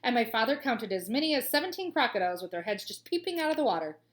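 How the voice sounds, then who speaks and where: A woman teacher reading a children's storybook aloud with clear, expressive storytelling and playful asides. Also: on the high side, fast talker.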